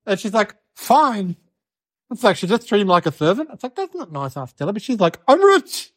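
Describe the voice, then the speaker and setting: A woman's voice: mid-range voice, animated, moderate pace, natural voice. A woman performing a cheeky little boy in a comedy sketch, telling a rambling story with giggles and mocking impressions of his relatives.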